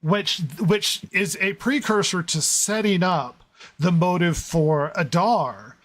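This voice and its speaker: A man co-hosting a casual review podcast, talking in an animated way, laughing often and lowering his voice to stress a point. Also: slow pace. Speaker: podcast co-host.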